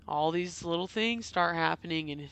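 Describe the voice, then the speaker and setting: A bright, smooth voice recaps a movie with a co-host on a podcast. The remarks are dry and wry, and this co-host laughs along easily. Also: mid-range voice, moderate pace. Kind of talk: casual movie recap chat.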